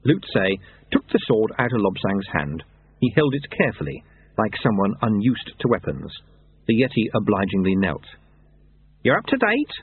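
A man reading a story aloud in a dry, measured narration, over tinny narrowband audio. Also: on the low side, animated, breathy edge.

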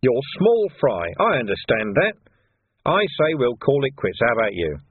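A man's voice: mid-range voice, huge pitch swings, normal speed, a little hiss or hum. A man voicing a shrewd male police commander who talks with dry, mock-cheerful menace, recorded with a narrow phone-like sound. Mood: sardonic.

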